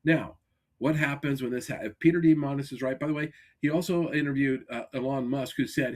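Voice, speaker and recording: A man hosting a casual podcast over a remote call, talking in an energetic coaching tone with many restarts. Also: medium pitch, fairly quick. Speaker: podcast host. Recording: glitchy remote call audio.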